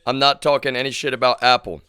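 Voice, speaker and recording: A man streaming live, ranting in an agitated, profane way at his viewers, dropping to low mutters and then bursting into shouts. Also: level tone, fast talker, smooth, dry recording, studio quality. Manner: agitated, profane, keeps addressing viewers as "y'all"; swings between low muttering and shouted outbursts.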